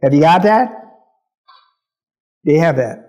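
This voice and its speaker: A man's voice: fairly high pitch, expressive, a little slow, dark tone. A male pastor teaching a Bible lesson, emphatic, repeating key phrases and often asking whether listeners understand.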